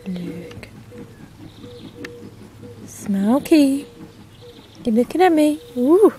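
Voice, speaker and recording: A woman's voice: high voice, sing-song, very slow, mellow, a little hiss or hum. A woman filming her cat in a garden, cooing and teasing him in affectionate baby talk. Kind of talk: casual baby talk to a pet. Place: garden, outdoors.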